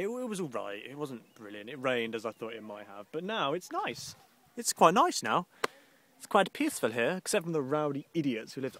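A young man from the English Midlands vlogs outdoors by the coast with a handheld camera, rambling and grumbling sarcastically and putting on mock posh voices. His voice is medium-pitched and fairly bright.

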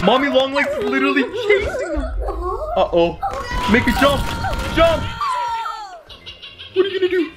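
A young man giving excitable reaction commentary as a YouTuber, shouting, gasping and saying "yo" and "literally" constantly. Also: very high voice, moderate pace, long pauses. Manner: excitable, shouts and gasps, says "yo" and "literally" a lot. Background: music playing.

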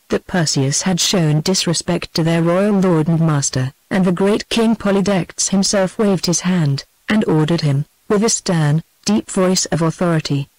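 A synthetic text-to-speech woman's voice with a British English accent, reading a storybook in an even, measured way. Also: fairly low pitch, no echo, low-quality recording. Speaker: audiobook narrator.

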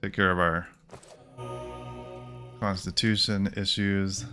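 A man casually commenting on his gameplay, thinking aloud in a relaxed way. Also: sits low, slow, faint music behind. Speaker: let's play host.

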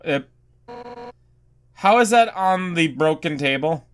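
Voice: medium pitch, animated, slow pace, smooth. A let's-play gamer commenting on a video game in a sarcastic, jokey way, with swearing.

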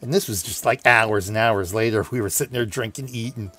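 A man's voice: on the low side, a little fast, sharp tone, soft background music. A man in his forties telling a long, laughing anecdote while playing a game, chatty and full of restarts. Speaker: gaming video host. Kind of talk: rambling anecdote over gameplay.

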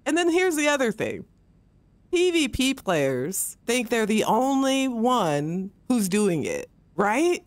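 A woman game streamer with a fairly high voice takes her time but swings her pitch widely as she rants on a livestream. Speaking into a close mic on a dry recording, she swears heavily and often mocks people with put-on voices.

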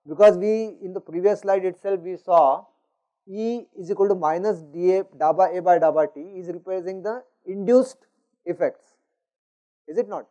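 Lecturer, higher man's voice, dull recording. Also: normal speed, warm tone. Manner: explanatory, frequent "you know" and "is it not?". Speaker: university lecturer.

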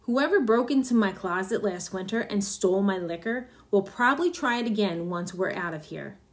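A woman's voice: medium pitch, expressive, normal speed, lightly acted. A woman reading as a smug ruthless husband. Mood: cold, smug. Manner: gruff, smug, harsh. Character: ruthless, vindictive middle-aged businessman husband.

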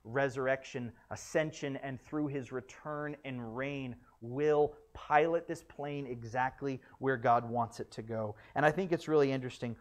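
Emphatic preacher delivering a sermon. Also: medium pitch. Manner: emphatic, builds with repeated phrases; stumbles and corrects with a laugh. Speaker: pastor. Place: church.

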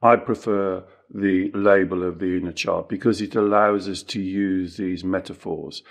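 Gravelly man giving emphatic self-help talk. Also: sits low, steady tone, unhurried. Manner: emphatic, acts out inner voices, repeats himself. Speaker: teacher and podcast co-host.

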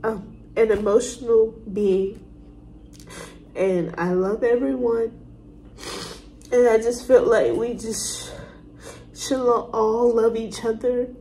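A woman reaction vlogger cries as she talks to her viewers, halting and heartfelt. Her voice is mellow and a little high, and she speaks very slowly. A faint hiss of room noise sits under her voice. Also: low-quality recording. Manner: tearful, halting, heartfelt, full of restarts. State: crying. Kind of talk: emotional casual monologue to viewers.

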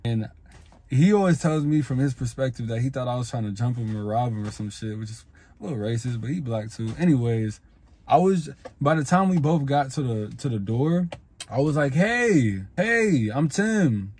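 Young man, husky voice, casual vlog, blunt profane slang. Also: medium pitch, a little fast, dark tone. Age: young adult. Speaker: self-improvement vlogger. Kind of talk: casual advice monologue.

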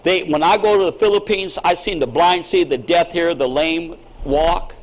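A pastor, an older man, preaching a sermon in an emphatic style that swings from quiet asides to shouting. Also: on the high side, moderate pace, rough recording.

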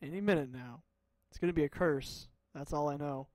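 A man's voice: a little high, fairly quick, darkish tone, no room sound. A young man giving goofy, rambling let's-play commentary, talking back to the game. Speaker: gaming video host. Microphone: desk microphone. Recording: music playing under the voice.

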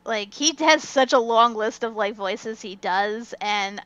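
A woman's voice: a little high, unhurried, a bit bright, smooth, dry recording. A woman co-hosting a casual fan discussion podcast, chatty and giggly, saying "like" a lot. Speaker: podcast co-host. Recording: dull, dry lo-fi mic.

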